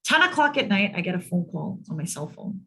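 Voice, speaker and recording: A woman's voice: fairly low pitch, big pitch swings, fairly quick, fairly bright tone, slightly rough. A woman clinician telling a case story to colleagues over a video call, emphatic and often repeating words for stress. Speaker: mental health clinician presenting to colleagues. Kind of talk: storytelling in a training presentation.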